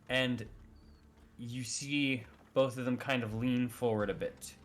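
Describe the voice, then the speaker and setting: A man's voice: mid-range voice, steady tone, takes it slowly. A man narrating as game master in a tabletop game, loose and hedging, full of "kind of".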